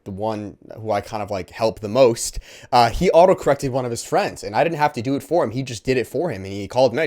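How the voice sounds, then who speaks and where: A man's voice: mid-range voice, a little mellow. A man hosting a Q&A video, talking bluntly and emphatically with fillers and restarts. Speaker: host. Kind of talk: casual preachy Q&A talk.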